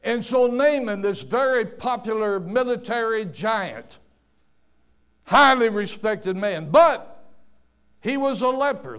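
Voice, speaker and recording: Un predicador mayor que cuenta historias bíblicas en un sermón, con tono campechano y enfático, repitiendo palabras y haciendo comentarios al margen. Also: male voice, high voice, a bit bright, clear, resonant tone. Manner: folksy and emphatic, with restarts and asides. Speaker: preacher. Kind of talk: storytelling sermon.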